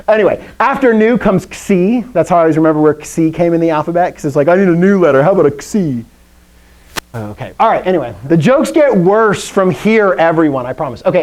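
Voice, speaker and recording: A man's voice: on the high side, a little mellow, rough recording. Upbeat joking male Greek teacher. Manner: upbeat, joking, self-deprecating, drills vocabulary aloud. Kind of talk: classroom lesson with call-and-response drills.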